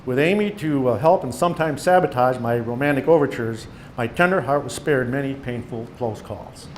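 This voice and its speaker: An older man reads his own tales aloud with lively storytelling, his pitch sitting in an ordinary middle range. A faint hum of room ambience sits behind him as he talks to a small gathering. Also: moderate pace. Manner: storytelling with animated quoted voices. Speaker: author giving a presentation. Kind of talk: reading his memoir stories aloud. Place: meeting room.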